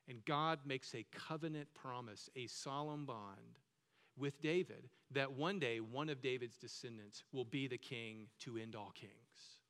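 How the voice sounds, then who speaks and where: A man's voice: medium pitch, measured pace, fairly bright tone, big-room sound. A man preaching a sermon as pastor, talking conversationally and asking the listeners many questions.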